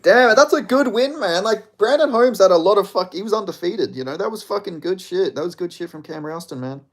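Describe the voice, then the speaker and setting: An Australian man giving a live fight reaction, excitable and profane, shouting at big moments. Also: sits high, a little fast.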